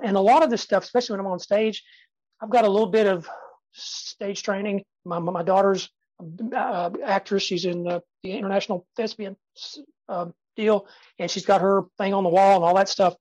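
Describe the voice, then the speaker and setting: Energetic man in his fifties, dry sound. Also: sits high, no room sound, muffled recording. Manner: energetic, emphatic, uses dramatic pauses and soft drops. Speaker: guest speaker and sales trainer. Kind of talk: podcast interview.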